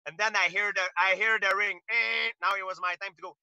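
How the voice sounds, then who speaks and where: A man's voice: sits high, steady tone, quick pace, few pauses, bright, forceful tone, no room sound, dull audio. Earnest man. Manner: earnest storytelling with frequent restarts. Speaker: interview guest, fighter. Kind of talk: casual interview talk.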